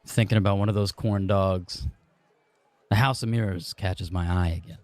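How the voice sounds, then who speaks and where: A man's voice: low voice, fairly even intonation, moderate pace, a little mellow, no room sound. A man playing a tabletop game, describing his character's actions in a hesitant, offhand way. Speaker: player.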